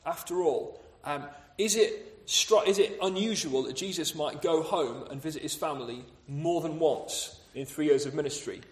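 A man's voice: on the high side, normal speed, few pauses, roomy sound. A man preaching a sermon, explaining scripture with rhetorical questions and acting out the voices of townspeople.

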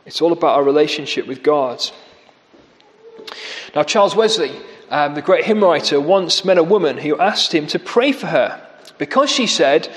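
A man's voice: lively intonation, normal speed. A man preaching a sermon. He speaks with sarcasm and mocks his quoted lines by lifting his voice. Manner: sarcastic, mocking quotes with rising pitch. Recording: echoey hall.

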